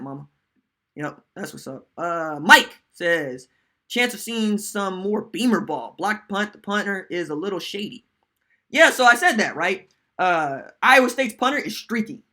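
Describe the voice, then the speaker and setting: A man hosting a live-stream sports podcast in casual, animated chat, reading viewer comments aloud. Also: high voice, moderate pace. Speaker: podcast host.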